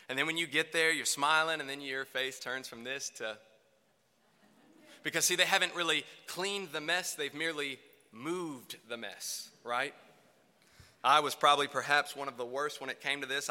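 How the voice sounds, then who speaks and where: Bright-voiced man preaching in a hall. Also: medium pitch. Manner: emphatic, swinging between loud and hushed delivery. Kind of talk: sermon. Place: church hall. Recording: reverberant hall.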